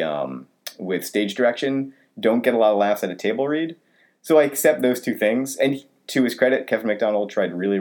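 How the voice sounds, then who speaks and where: A man co-hosting a podcast, telling a personal story in casual, animated chat. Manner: animated storytelling with wide pitch swings. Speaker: podcast co-host.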